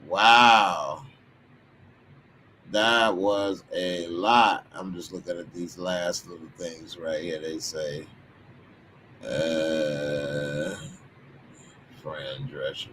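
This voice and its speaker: A Texan man hosts a casual commentary stream, chatting loosely through viewer comments in slang with sudden loud bursts. His low voice moves a little slowly with hardly any pauses, over a slight hiss or hum.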